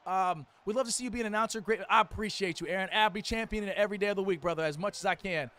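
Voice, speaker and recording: A man's voice: sits high, rapid-fire, pushed and bright. A young man calling a college football video game tournament on his live stream, hyping plays in casual slang and chatting with viewers. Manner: hype play-by-play with casual slang, chats with viewers. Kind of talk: live-stream play-by-play commentary.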